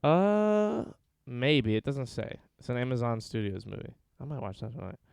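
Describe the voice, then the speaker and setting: A man's voice: mid-range voice, lively intonation, normal speed, vocal fry, a little mellow, clean tone, no room sound. A man co-hosting a casual podcast, reading film synopses aloud with dry, sarcastic asides between them. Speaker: podcast co-host.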